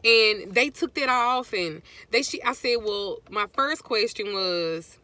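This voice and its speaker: Chatty middle-aged woman with a bright voice. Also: medium pitch, animated, slow, dry recording. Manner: chatty, rambling, greets live viewers mid-story. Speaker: vlogger. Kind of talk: casual storytelling to viewers.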